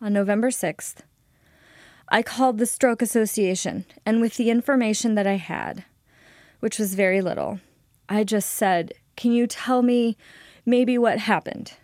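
A woman guest telling a personal story in an interview, halting and emotional, with frequent restarts. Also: medium pitch, a little mellow, no echo, clean studio sound.

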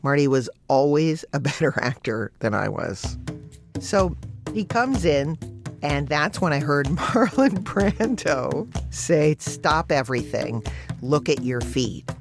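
A woman actor telling a personal anecdote in a lively storytelling manner, her voice leaping upward for emphasis and laughing through some lines. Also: deep voice.

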